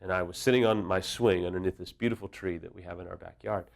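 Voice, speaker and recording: Deep and gravelly, this man's voice moves at a quick pace with fairly even intonation. As an affair recovery counselor, he gives earnest, direct advice conversationally, leaning on personal anecdotes to make his points.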